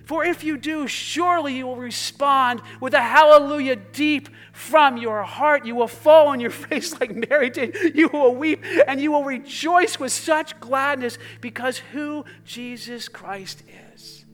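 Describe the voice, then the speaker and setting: A male pastor preaching a sermon to a congregation, swinging between fervent exclamations and hushed passages, with jokey asides. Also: extremely high pitch, unhurried, few pauses, faint music behind.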